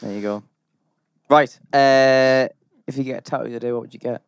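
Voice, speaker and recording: Young man hosting a podcast, casual and joking, mid-pitched voice, dry close sound. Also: moderate pace, smooth, no room sound. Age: 20s. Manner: relaxed, joking, swears casually. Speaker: podcast host. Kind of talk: casual chat.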